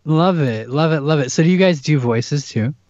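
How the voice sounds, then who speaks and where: Animated man telling stories, lo-fi. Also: a little high, moderate pace, dry recording. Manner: animated storyteller with frequent restarts. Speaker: guest, voice actor. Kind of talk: casual podcast chat.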